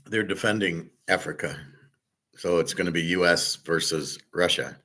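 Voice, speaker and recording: A man's voice: low voice, moderate pace, sharp tone. A man hosting his own commentary show, ranting in an indignant, profane monologue. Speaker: host of a betting and gold commentary show. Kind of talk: opinion monologue.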